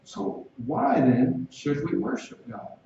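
A man's voice: fairly high pitch, very animated, slow, creaky, warm tone, a little hiss or hum. A man preaching an expository sermon in a conversational way, asking his listeners direct questions. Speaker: pastor. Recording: echoey distant, dull sound.

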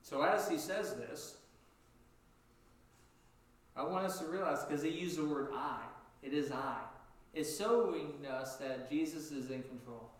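A man preaching a sermon in a lively, animated way, jumping up in pitch as he acts out what people said. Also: a little slow, long pauses. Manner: animated, acts out quotes with sudden high pitch jumps. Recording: echoey room, distant from mic.

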